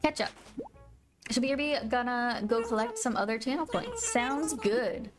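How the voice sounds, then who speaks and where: Casting note: bubbly woman streamer, slightly high voice, faint music under her chatter. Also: measured pace. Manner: bubbly, gushing over her pets, chatting to viewers. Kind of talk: casual live-stream chat.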